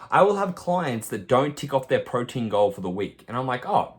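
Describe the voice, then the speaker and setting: Man, fitness coach, forceful and sweary, mid-range voice, podcast rant. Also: mid-range voice, expressive, a little fast, few pauses. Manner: forceful, profane, lecturing. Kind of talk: blunt podcast monologue.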